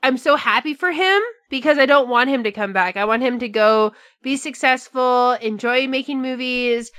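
A woman co-hosting a podcast, chatting casually in an animated, profane way with mocking asides. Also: high voice, normal speed, dry recording, studio quality. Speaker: podcast co-host. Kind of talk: casual chat.

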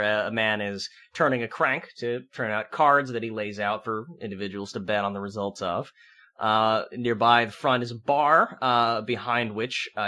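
Casting: man from Canada, game master, chatty narration with filler words, bright edgy tone. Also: mid-range voice. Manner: casual narration with frequent fillers.

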